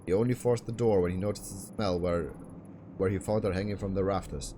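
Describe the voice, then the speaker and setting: A man's voice: deep voice, steady tone, brisk, mellow, slight background noise, close to an everyday voice. A man reading a female detective's lines from a game in a plain voice. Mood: somber.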